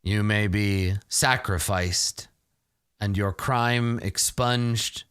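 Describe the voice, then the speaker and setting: A man voicing a stern male elf priest who hands down judgments in formal, grave tones, with a slightly lowered, crisp voice in a tabletop role-play. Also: fairly even intonation, extremely slow, a bit bright, no room sound, clean studio sound. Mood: solemn.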